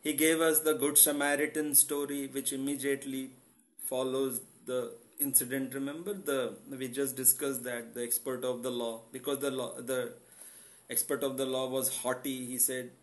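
Male online preacher, mid-pitched voice, impassioned sermon delivery built on rhetorical questions. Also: level tone, normal speed, rough recording. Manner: emotional, asks rhetorical questions and answers them. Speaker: online church founder and presenter. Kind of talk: impassioned sermon-style Bible teaching.

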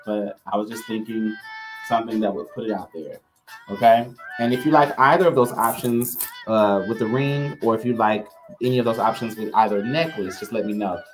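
A man's voice: lowish voice, fairly even intonation, brisk, music in the background. Chatty man hosting a live sale. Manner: chatty and upbeat, talks straight to viewers. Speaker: live-stream jewelry seller and host. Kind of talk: live-stream sales chat.

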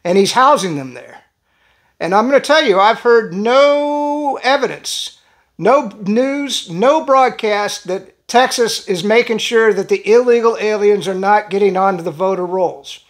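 A man's voice: high voice, a little slow. A man hosting a political commentary channel, talking in a blunt, emphatic and alarmed way. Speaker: channel host.

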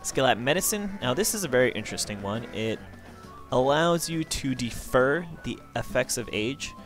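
A man's voice: medium pitch, expressive, moderate pace, a bit bright, soft background music. A man giving casual, enthusiastic let's play commentary as he walks through a game. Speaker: gameplay commentator.

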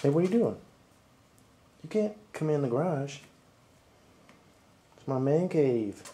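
Talking to his animals from behind the camera, this pet owner uses a fairly high, unhurried voice with a dark tone and big swings in pitch, teasing them in a playful sing-song at home and in the yard. The audio, picked up by the handheld camera mic, is poor and has slight background noise.

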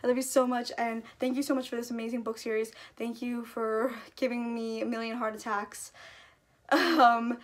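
A young woman gushing in a casual vlog, full of "like" and excited outbursts about how she feels. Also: on the high side, moderate pace. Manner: gushing, breathless fangirl talk packed with "like". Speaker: YouTuber.

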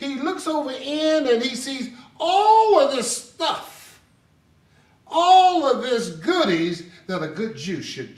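Man, sermon, slow deliberate delivery, roomy echo. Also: extremely high pitch. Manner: animated storytelling with laughter. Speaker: pastor. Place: church sanctuary. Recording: echoey sanctuary, distant mic.

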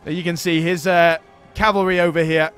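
A man's voice: fairly high pitch, level tone, moderate pace, fairly bright tone, clear, resonant tone, faint music behind. A man giving chatty, upbeat gameplay commentary as a gaming host. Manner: chatty and upbeat, jokes with himself.

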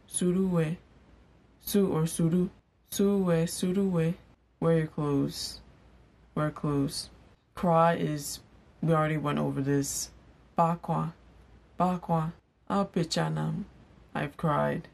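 Slow, gravelly-voiced young woman teaching words. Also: low voice, a little mellow. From Igbo household in Nigeria. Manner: repeats each word slowly for learners. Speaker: language teacher. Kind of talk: casual vlog language lesson. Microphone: on-camera mic.

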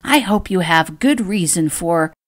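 A woman's voice: lowish voice, expressive, measured pace. A woman voicing a spiteful aunt who screeches and complains indignantly in an audiobook. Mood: screeching. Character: shrill, spiteful middle-aged aunt.

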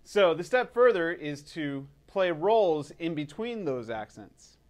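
A man teaching drums in a casual video lesson, relaxed and upbeat, counting in before he plays. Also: on the high side, slow. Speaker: drum teacher.

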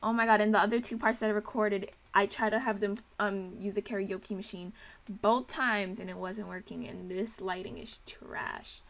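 Excitable young woman narrating gameplay. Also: medium pitch, normal speed, gravelly. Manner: excitable, gushing, chatty. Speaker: let's play host. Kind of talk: casual game commentary.

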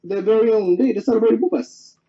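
A man's voice: high voice, a little fast, close to an everyday voice. A man voicing a polite, cheerful young boy in a storybook reading, on a dull lo-fi home recording.

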